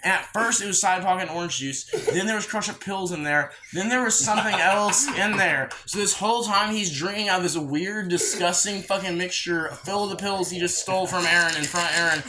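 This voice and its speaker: A man's voice: sits high, a little fast, hardly any pauses, background noise. A young man hosting a podcast, telling a long, profane story in a casual, rambling way. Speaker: podcast host.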